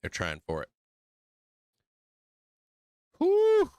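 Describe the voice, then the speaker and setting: Excitable laughing man streaming market commentary. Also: medium pitch, unhurried, clear, resonant tone, no echo. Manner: excitable, laughing often, swearing, teasing chat. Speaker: stock market livestream host. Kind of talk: casual live market commentary.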